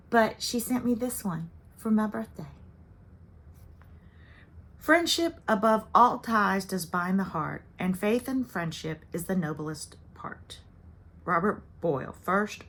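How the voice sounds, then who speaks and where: A woman's voice: mid-range voice, creaky, slight background noise. A woman in her fifties hosting a cross-stitch channel, talking casually and chattily to her viewers and rambling with frequent little laughs.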